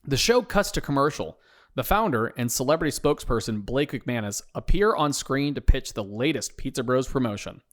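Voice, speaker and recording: Brief: male narrator, deadpan comic storytelling, mid pitch. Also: normal speed. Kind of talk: comic audio-fiction narration.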